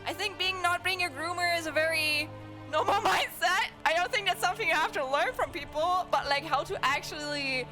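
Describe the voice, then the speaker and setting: A woman's voice: very high-pitched, a little fast, music in the background. A young woman from Germany streaming casual chat with viewers, sleepy and giggling until she cries with laughter. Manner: giggly, laughs at her own jokes.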